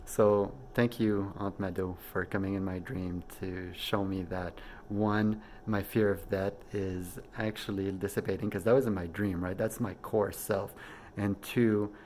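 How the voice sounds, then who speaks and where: A man hosting his own vlog, telling a personal story casually and excitedly, going from hushed to exclaiming. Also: deep voice, a little slow, slight background noise. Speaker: vlog host.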